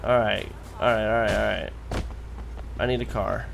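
A man's voice: fairly low pitch, steady tone, moderate pace, vocal fry, a bit bright, soft background music. A young man commentating on his gameplay, swearing and cracking jokes as he plays. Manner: profane, wisecracking. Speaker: let's play host.

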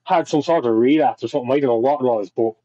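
A young Irishman, a podcast guest, tells a casual personal story in a loose, rambling way, talking fast in a mellow, darker, mid-range voice. He swears a lot and keeps restarting sentences, and the dry, slightly dull audio sounds like a lo-fi podcast mic.

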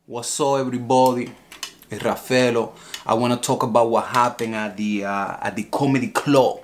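Man doing a blustering heckler in broken english, rambling, prone to yelling, sketch comedy. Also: lowish voice, a little hiss or hum, lightly acted. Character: loud heckler with broken English, angry and boastful. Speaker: heckler filing a lawsuit.

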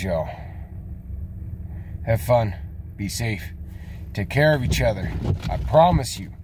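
A man rambling casually in a video blog, reassuring his viewers in a folksy, drawn-out way. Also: on the low side, a little mellow, slight background noise. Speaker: vlogger.

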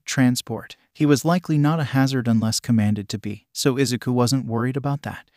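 A man narrating a fan fiction story in a steady storytelling manner. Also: mid-range voice, no echo, studio quality.

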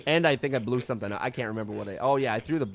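A young man hosting a silly game commentary, tired and loopy, rambling from mumbles to loud outbursts. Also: medium pitch, racing, slight background noise. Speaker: gaming video host. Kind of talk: silly let's-play commentary. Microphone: desk microphone.

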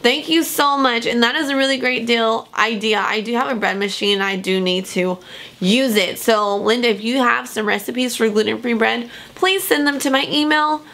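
A woman chats through her fan mail in a casual vlog. Her voice is bright and sits a little high. She sounds effusive and grateful, and she hovers close to tears. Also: normal speed. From Long Beach, California. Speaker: coupon vlogger.

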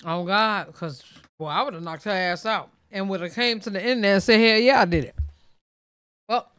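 A woman's voice: mid-range voice, moderate pace, fairly bright tone, clear, resonant tone, no echo. A woman hosting a live reaction stream, laughing and reacting bluntly in casual chat.

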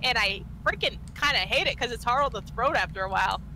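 A woman chatting excitedly on a voice call while gaming, joking and laughing often. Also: fairly high pitch, quick pace, slight background noise, rough recording. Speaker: gamer on a group call. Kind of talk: casual gaming chat.

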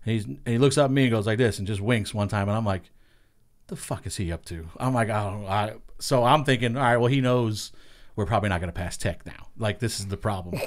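Speaking fast in a fairly low voice, a middle-aged man from Long Island, New York, who spots for racing tells casual, profane tales. He animatedly acts out the things people said.

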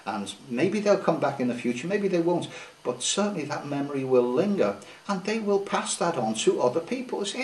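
A man's voice: on the high side, expressive, moderate pace, slight background noise. A middle-aged man giving an unscripted sales tutorial, emphatic and repeating key words for effect. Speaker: sales trainer. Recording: echoey room, distant mic.

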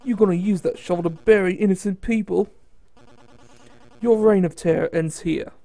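Man putting on a boyish young Australian knight, eager, gravelly edge, game music faintly behind. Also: high-pitched, moderate pace, mellow. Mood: brash. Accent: put-on Australian. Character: young male boomerang-wielding knight, brash.

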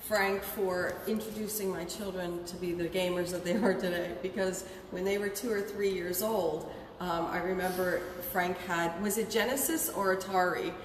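A woman's voice: fairly low pitch, fairly even intonation, moderate pace, slight background noise. A woman co-hosting a museum tour, speaking hesitantly with many fillers. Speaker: museum co-host. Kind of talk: casual tour talk. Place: large museum gallery indoors. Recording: echoey gallery, distant mic.

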